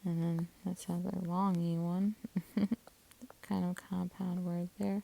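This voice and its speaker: A woman's voice: on the low side, flat delivery, measured pace, vocal fry, warm tone, poor audio. A woman teaching a spelling lesson, patiently sounding out syllables and coding words, sometimes dropping to a whisper.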